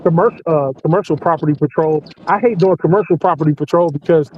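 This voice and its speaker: A man in his forties with a high voice spins a profane, animated story in casual chat. He laughs often. The sound is muffled and lo-fi, with a faint hiss. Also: fast talker. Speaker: podcast host working night security patrol.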